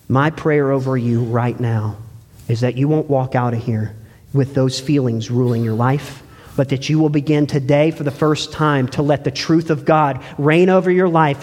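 Earnest preacher man with long reverb. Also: medium pitch. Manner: earnest, pleading, dramatic shifts between loud and hushed. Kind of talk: sermon. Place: church sanctuary.

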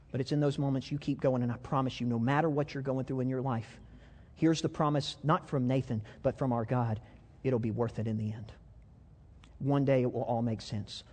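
A man preaching a sermon from a church stage, telling a story with passion, swinging from loud to hushed and often repeating words. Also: mid-range voice, steady tone, moderate pace, long pauses, in a large hall. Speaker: pastor.

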